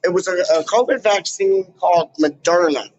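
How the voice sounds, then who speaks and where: A man ranting casually to camera in a vlog, full of slang and loud asides. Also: high-pitched, normal speed, lo-fi sound. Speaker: YouTuber. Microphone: camera mic.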